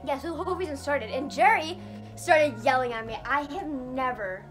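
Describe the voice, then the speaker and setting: A woman's voice: high-pitched, moderate pace, music in the background. A young woman telling a storytime vlog in casual chat, rambling with many fillers and acting out what people said. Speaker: vlogger.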